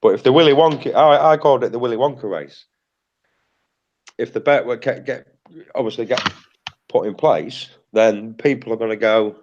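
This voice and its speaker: A man's voice: medium pitch, moderate pace, pauses often, a little mellow, dull audio. A British man hosting a livestream in casual chat, blunt and repetitive, swearing freely. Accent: British English. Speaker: livestream host.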